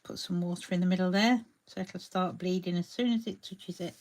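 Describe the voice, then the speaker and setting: A woman's voice: on the low side, fairly even intonation, fairly quick, a little mellow. Chatty woman demonstrating crafts. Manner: chatty, greets viewers by name while painting. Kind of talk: live crafting tutorial.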